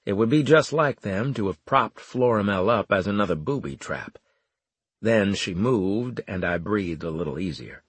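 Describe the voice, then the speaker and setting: A man reads a first-person story in a steady, wry way. His voice is strongly raspy and husky, and his pitch sits in the low middle. The recording is dry and close. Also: moderate pace, no room sound. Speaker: audiobook narrator. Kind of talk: first-person scripted narration.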